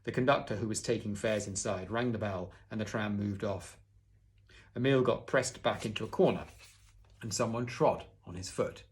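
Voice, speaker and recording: A man with a low-set voice reads a children's novel aloud, expressively. He sometimes breaks off for a relaxed aside to the listener before diving back into the story. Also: normal speed. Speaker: audiobook reader.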